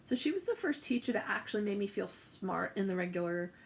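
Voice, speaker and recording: A woman's voice: medium pitch, expressive, brisk, vocal fry. A young woman telling a personal story to camera, chatty and emotional, with many fillers and restarts. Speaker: vlogger.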